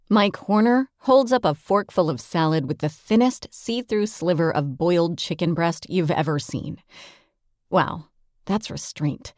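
A woman reading a first-person novel aloud in a wry, expressive way, close to the mic. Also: lowish voice, no room sound. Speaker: audiobook narrator. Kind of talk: first-person audiobook narration.

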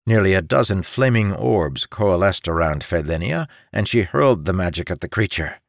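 Gravelly man narrating a fantasy audiobook. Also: low-pitched, normal speed, no room sound, clean studio sound. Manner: expressive, dramatic storytelling.

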